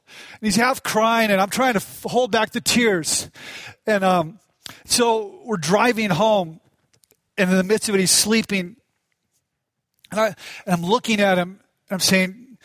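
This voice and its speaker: This middle-aged pastor has a high, fairly bright voice and speaks at normal speed, captured in a dry recording. His sermon is conversational and self-deprecating, built around a personal story he tells with real feeling.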